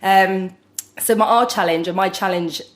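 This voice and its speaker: A woman's voice: mid-range voice, normal speed. A woman, a hair colourist guest in an interview, talking casually with many fillers and easy laughter.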